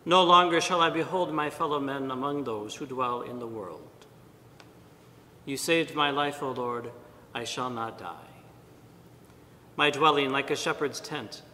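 Bright-voiced priest in a reverberant church. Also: male voice. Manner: measured, deliberate reading with pauses. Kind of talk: liturgical reading and homily. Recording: long church reverb, faint rumble.

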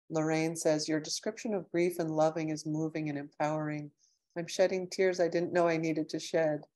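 A woman's voice: sits low, dark tone. A middle-aged woman lecturer on a video call, reading audience comments aloud and answering them in a heartfelt, emotional way. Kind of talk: warm closing of an online lecture, reading chat comments.

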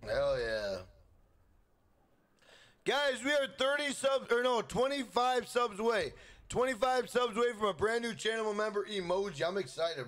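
A young man from Minnesota live streaming a game, chatting casually, swearing freely and hyping up his chat. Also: high-pitched. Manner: hyped, profane, shouts out chat members.

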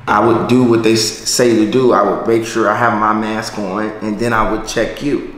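A man playing a patient husband in a comedy skit, answering calmly and reasonably. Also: lowish voice, moderate pace. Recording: very echoey room.

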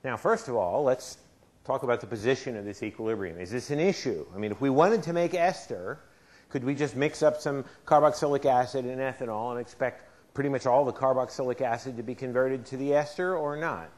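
A man's voice: medium pitch, brisk, darkish tone. Casting: male chemistry professor, lecture hall, chatty and quizzing the class. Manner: asks the class questions, conversational. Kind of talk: university lecture.

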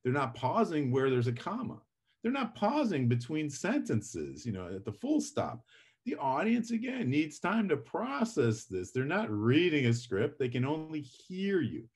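A man's voice: fairly high pitch, wildly swooping pitch, measured pace, a little mellow, slightly rough. A middle-aged man teaching public speaking in a live lecture, chatty and self-deprecating, acting out his examples with drama.

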